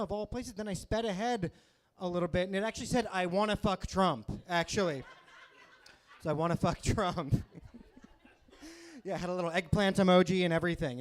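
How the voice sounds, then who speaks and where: A man from New York doing a stand-up set on a club stage, teasing the crowd in a wry way. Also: sits high. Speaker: stand-up comedian.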